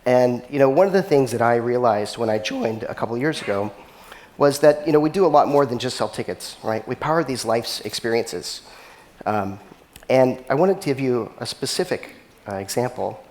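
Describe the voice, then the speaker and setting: A man's voice: mid-range voice, expressive, moderate pace, a little mellow. Casual man giving a conference keynote. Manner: casual, lots of filler words. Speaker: chief technology officer giving a conference talk.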